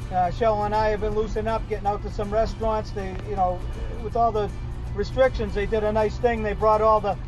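A man's voice: high-pitched, little pitch movement, a little fast, lo-fi sound, music in the background. A middle-aged man with a Boston accent giving a rambling, casual weekly update, full of fillers and restarts. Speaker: regular segment contributor.

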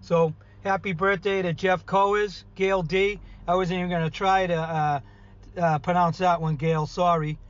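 A man's voice: sits high, flat delivery, measured pace, dull audio. A man with a Boston accent giving a rambling, folksy monologue as a show's regular contributor, full of "you know" and "uh". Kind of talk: casual chatty monologue.

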